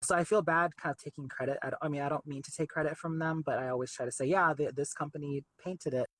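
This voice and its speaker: A young man, an artist guest in an interview, talking in a chatty, relaxed way with plenty of fillers. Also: a little high, quick pace, rough recording. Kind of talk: casual interview.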